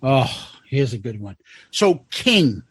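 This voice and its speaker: A man co-hosting a casual podcast, telling stories in an animated, profane way and laughing often. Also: medium pitch, slow pace, husky, no room sound. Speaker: podcast co-host.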